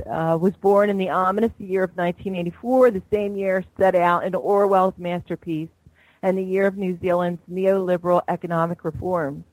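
A woman's voice: mid-range voice, darkish tone, no echo, poor audio. A woman hosting a live internet talk radio show, chatty and gushing, laughing often between remarks.

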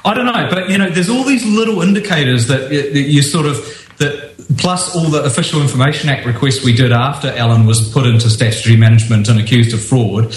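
Brief: insistent New male radio guest, mid-pitched, echoey office. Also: a little fast, a little hiss or hum. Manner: insistent, emphatic, many restarts. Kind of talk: talk radio interview.

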